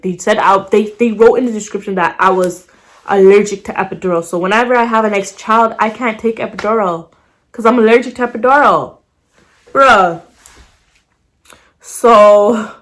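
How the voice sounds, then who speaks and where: A young woman talks straight to the camera in a loose, chatty vlog voice at an ordinary middle pitch. She leans on slang and curses freely, and she acts out what people said as she goes. The whole thing sounds like an unscripted personal story. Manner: slangy, swears freely, animated retelling. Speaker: vlogger.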